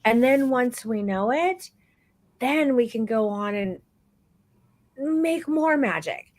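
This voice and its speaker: A woman hosting a live online photography class, talking warmly and encouragingly to her students, calling them "baby" and stretching out words for emphasis. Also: on the high side, animated, takes it slowly, no echo, poor audio. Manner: warm encouraging, calls people baby. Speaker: photography course instructor.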